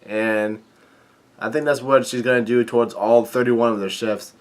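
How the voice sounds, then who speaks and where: A man reading a manga chapter aloud in a casual, halting way, with many fillers and restarts, voicing the lines and adding his own comments. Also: medium pitch, steady tone. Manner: reads dialogue aloud with light commentary. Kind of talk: casual manga read-through.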